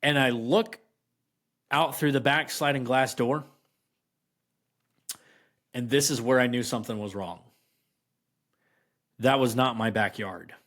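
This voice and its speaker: A man of middle pitch telling a personal story as a podcast guest, rambling through fillers and restarts. He slows down and leans on key phrases for emphasis, keeping the tone conversational. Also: a bit bright. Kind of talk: casual storytelling.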